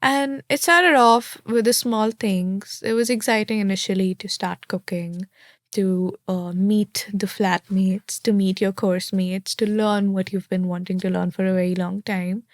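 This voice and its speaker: A woman's voice: mid-range voice, fairly even intonation, normal speed, no echo, clean studio sound. A young woman from India, a law graduate, answering interview questions in a chatty, candid way and acting out her own thoughts in quotes.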